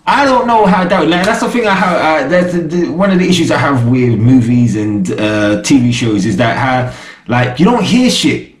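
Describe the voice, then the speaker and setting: A man's voice: fairly high pitch, expressive, normal speed. A young man giving a casual, slangy TV episode review, often asking "you get me?". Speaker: TV show reviewer. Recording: echoey room.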